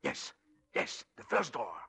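An actor playing a scheming husband who coaxes and pleads, in 1940s radio acting. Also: male voice, measured pace, sharp tone. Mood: urgent. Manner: coaxing, then desperate.

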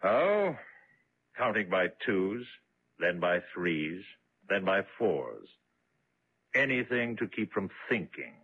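Cool calm jailer, low and slow, thin phone-like old radio recording. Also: male voice, a little hiss or hum, full character voice. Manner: unruffled, matter-of-fact. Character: calm, detached male keeper of a prison. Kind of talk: 1950s radio drama acting.

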